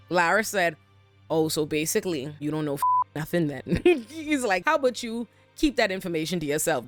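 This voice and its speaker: A woman's voice: fairly low pitch, no room sound. A woman casually recapping a TV episode, retelling scenes and acting out characters' lines with big jumps in her voice. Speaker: TV recap host.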